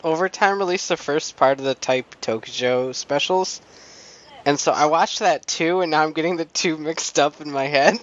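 A man co-hosting a casual chat show, speaking hesitantly with halting restarts and giggles. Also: fairly high pitch, fairly bright tone. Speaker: podcast co-host. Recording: dry, dull lo-fi sound.

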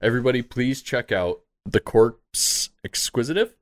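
A man narrating a tabletop game as game master, relaxed, jokey and freely swearing. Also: mid-range voice, moderate pace.

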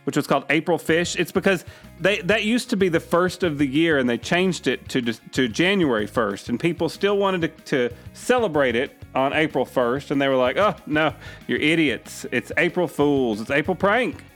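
A male radio co-host, playful and chatty, with a lively pitch set a touch high. Faint music plays under him. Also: moderate pace. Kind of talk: comedic radio banter.

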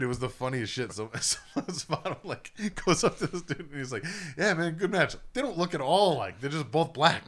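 A man's voice: medium pitch, a bit bright. A young man hosting a casual podcast, telling a long, profane story with lots of laughing. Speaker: podcast host.

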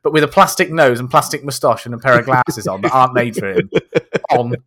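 A man's voice: medium pitch, lively intonation, fairly quick, a bit bright. A man co-hosting a comedy podcast, setting up a made-up scenario in casual chat. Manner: storytelling, sets up scenarios. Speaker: podcast co-host.

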